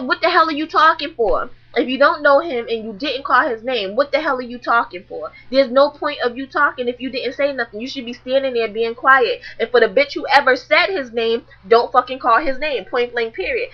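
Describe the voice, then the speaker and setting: A woman's voice: on the high side, muffled recording. Blunt, profane young woman telling a story. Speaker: vlogger. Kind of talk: casual storytelling to camera.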